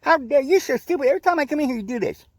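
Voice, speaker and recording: A man voicing a rude, furious male customer berating a cashier in a shrill, insulting voice. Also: lively intonation, racing, darkish tone, no room sound, studio quality. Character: rude furious male fast-food customer, middle-aged.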